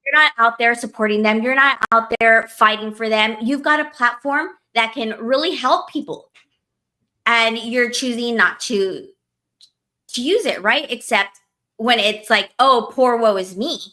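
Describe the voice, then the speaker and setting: A woman with a bright, slightly high voice rants in a casual podcast chat. She is heated and profane and leans on "like" all the time. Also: measured pace. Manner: heated, profane, lots of "like" fillers. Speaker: podcast co-host.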